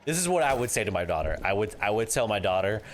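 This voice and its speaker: A young father livestreams a game with game music behind him, talking fast in a fairly low voice that swings widely in pitch. He chats casually and animatedly, laughs a lot, and acts out conversations with his family.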